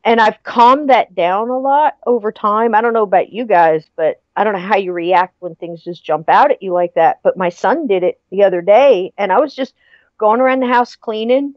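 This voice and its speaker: A woman's voice: medium pitch, moderate pace, no echo. A middle-aged woman in casual chat, animatedly telling a story with frequent laughter. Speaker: podcast guest. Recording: dry, muffled lo-fi audio.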